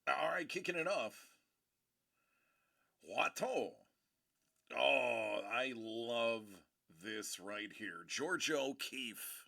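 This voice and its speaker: A man hosting a livestream, giving excitable, playful commentary as he opens trading card packs into a streaming mic. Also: medium pitch, extremely slow, gravelly, long pauses, no echo, studio quality. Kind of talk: live card-break commentary.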